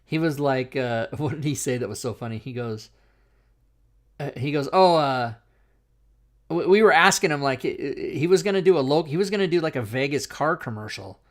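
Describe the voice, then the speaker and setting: A middle-aged man hosting a talk show, telling an animated, profane anecdote in casual chat. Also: on the high side, a little fast.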